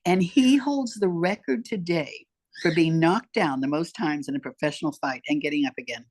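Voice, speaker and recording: A woman's voice: sits low, normal speed, a little mellow. An older woman telling her life story as an interview guest, emphatic and heartfelt, talking straight to the host. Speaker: podcast guest.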